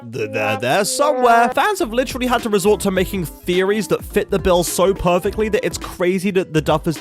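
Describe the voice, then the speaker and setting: A young man reviewing a TV finale in a sarcastic, swearing rant. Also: high voice. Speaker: YouTube reviewer. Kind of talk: ranting TV review commentary.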